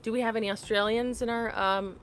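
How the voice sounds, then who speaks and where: A woman's voice: on the high side, steady tone, a little fast, a little hiss or hum. A woman hosting a casual live chat on her phone, talking to viewers, laughing often and getting sidetracked. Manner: chatty, laughs often, apologetic and easily sidetracked. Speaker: livestream host. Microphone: phone held upright.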